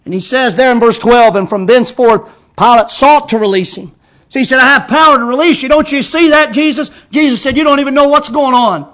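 A man preaching a sermon as pastor, reading scripture slowly and with emphasis. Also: extremely high pitch, fairly bright tone.

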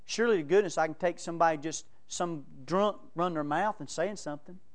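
A man's voice: on the high side, a little fast. A man preaching a sermon, telling folksy stories and laughing between them. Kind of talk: sermon with storytelling.

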